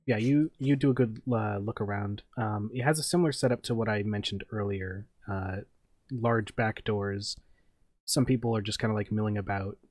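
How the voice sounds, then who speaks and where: A man's voice: lowish voice, normal speed, darkish tone, no room sound. A man narrating a tabletop game as game master, in a loose, rambling way full of fillers.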